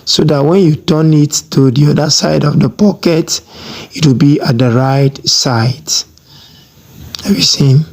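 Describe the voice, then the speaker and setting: A sewing tutor walks through a fabric project step by step at an unhurried pace. The speech is instructive and emphatic, with a habit of pausing to ask whether the viewer has seen each move. The pitch sits in the middle range. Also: a little mellow. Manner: slow, repeats "have you seen?" often.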